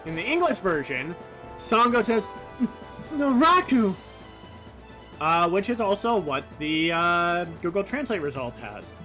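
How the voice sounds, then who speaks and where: Lively, chatty game streamer. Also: medium pitch, unhurried, pauses often, soft background music. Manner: chatty, thinks aloud with fillers and swearing. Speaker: streamer comparing game translations. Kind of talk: casual commentary over gameplay.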